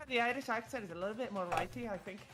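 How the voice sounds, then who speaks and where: A man's voice: sits high, racing, music in the background. Matter-of-fact man explaining game lore. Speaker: let's play co-commentator. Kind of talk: casual game commentary.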